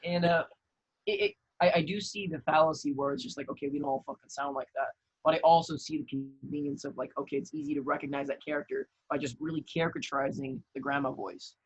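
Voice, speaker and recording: Husky-voiced young man, relaxed guest. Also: fairly high pitch, fast, no room sound, low-quality recording. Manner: relaxed, thoughtful, swears casually. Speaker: podcast guest, actor and content creator. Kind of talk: casual conversation.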